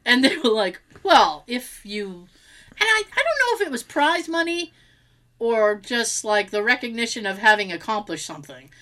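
A woman's voice: fairly high pitch, moderate pace. A woman in casual chat, telling a story with lots of acted-out quotes and frequent laughter. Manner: animated storyteller, acts out quotes, laughs often. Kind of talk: casual chat recapping a ghost show.

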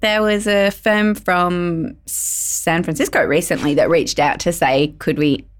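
A woman, a lawyer and podcast host, chatting in a relaxed interview and telling lively stories. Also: fairly low pitch, measured pace. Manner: lively storyteller, laughs easily. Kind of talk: casual conversational interview.

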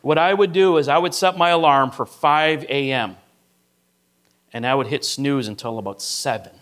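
Speaking at a normal pace in a mid-range, slightly bright voice, a middle-aged pastor delivers a sermon. He uses a story to make his point and keeps checking in with a "right?"

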